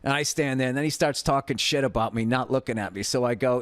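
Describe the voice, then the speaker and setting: A middle-aged man, a comedian host, telling a story in a profane, exasperated, animated rant. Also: medium pitch, quick pace, clean tone, dry recording.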